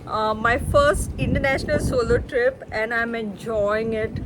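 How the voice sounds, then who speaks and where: A young travel vlogger talks excitedly to camera in a casual vlog, her voice on the high side and a little slow. She's chatty and excitable, constantly calling her viewers "guys." She's at a resort villa and restaurant in hot weather, with a noisy background.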